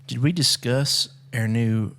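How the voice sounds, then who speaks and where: A man's voice: medium pitch, takes it slowly, fairly bright tone. A man co-hosting a podcast in casual, laid-back chat, swearing freely. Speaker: podcast co-host.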